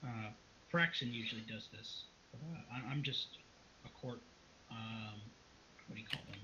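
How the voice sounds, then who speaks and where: Flustered clerk for a tabletop game, stumbling and unsure, bright voice on a dull lo-fi track, put on by a man. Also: fairly low pitch, moderate pace, slight background noise, pitched below the performer's own voice. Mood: anxious. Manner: stammering, hesitant. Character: nervous stammering male court clerk. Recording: dull lo-fi recording.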